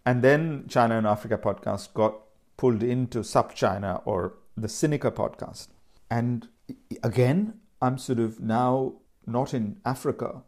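A man's voice: on the low side, vocal fry, darkish tone. A man hosting a podcast, reading a book passage aloud and then chatting in a rambling, thinking-aloud way. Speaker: podcast host.

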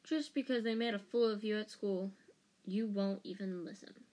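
A woman's voice: mid-range voice, normal speed, a little mellow, lightly acted. A woman voicing a defiant teenage boy wizard in a fan audiobook reading, speaking up with indignation.

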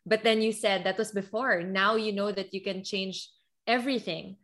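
A woman's voice: mid-range voice, fairly even intonation, moderate pace, a bit bright. A woman hosting an interview, appreciative and reflective as she sums up what her guest said. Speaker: host. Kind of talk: conversational interview.

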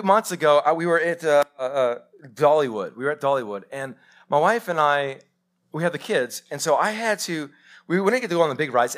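High-voiced animated preacher. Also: male voice. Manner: animated storytelling, addresses congregation directly. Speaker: pastor. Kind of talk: live sermon. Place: church sanctuary.

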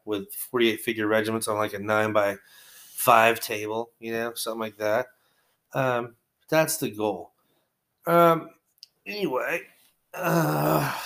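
A man's voice: mid-range voice, a bit bright. A man with a wargaming hobby, talking at home in a rambling, profane, conversational monologue.

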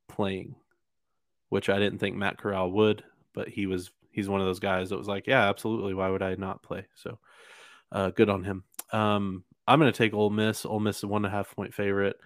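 A man's voice: lowish voice, little pitch movement, moderate pace, no room sound, studio quality. A man hosting a casual sports podcast, talking with many fillers and restarts. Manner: hesitant, lots of fillers and restarts. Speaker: podcast host.

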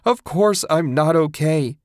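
A man's voice: normal speed, a little mellow, no room sound, clean studio sound, natural voice. A man voicing a grieving young wife who screams and screeches in despair. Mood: anguished. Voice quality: shrill and screeching.

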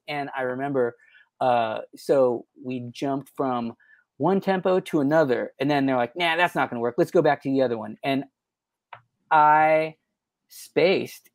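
A man's voice: on the high side, no echo. A man, a guest on a podcast, telling studio stories in a loose, rambling way, full of fillers. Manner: rambling, full of "you know" fillers, laughs at himself. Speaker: guest, record producer and engineer. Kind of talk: casual storytelling in a podcast interview.

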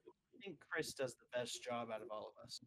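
A young man co-hosting a casual chat, easygoing and quick to chuckle. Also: mid-range voice, lively intonation, fairly bright tone. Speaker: podcast co-host.

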